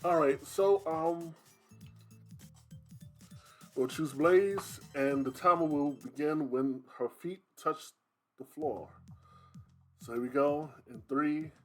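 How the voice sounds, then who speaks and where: A man speedrunning on a livestream, talking casually in a slow, relaxed way with lots of fillers. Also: on the high side, faint music behind.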